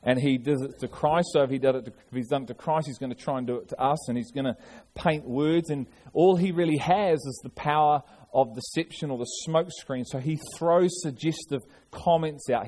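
A man's voice: medium pitch, a little mellow. A man preaching a sermon, earnest, often restarting and repeating his words. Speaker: pastor.

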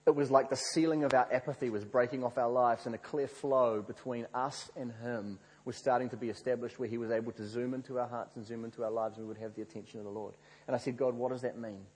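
Male preacher, husky, animated storytelling sermon in a reverberant hall. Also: mid-range voice, fast. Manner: animated storyteller, acts out quoted prayers.

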